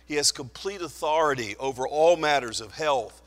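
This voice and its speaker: A man preaching a sermon in an earnest, emphatic way, slowing down to stress key phrases. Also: a little high, animated. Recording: long hall reverb.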